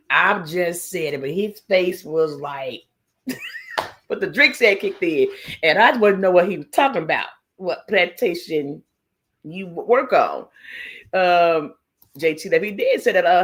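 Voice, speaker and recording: A woman's voice: lowish voice, expressive, measured pace. A woman hosting a casual live stream, telling stories animatedly, laughing often, swearing freely and greeting chat viewers by name. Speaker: livestream host.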